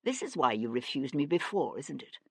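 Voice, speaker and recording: A woman voicing a frightened young actress who pleads in a breathy, trembling way. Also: extremely low pitch, big pitch swings, brisk, no room sound, exaggerated voice. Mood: anguished.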